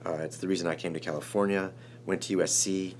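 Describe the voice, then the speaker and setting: A man in his forties from Chicago, a screenwriter telling an emotional story in an interview, animated and rambling with many restarts. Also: sits low, fast, a little hiss or hum. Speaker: screenwriter guest.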